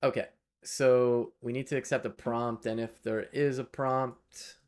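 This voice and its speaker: A man's voice: medium pitch, little pitch movement, measured pace, darkish tone. A man, live-streaming while he codes, thinking aloud and chatting with viewers in a casual way.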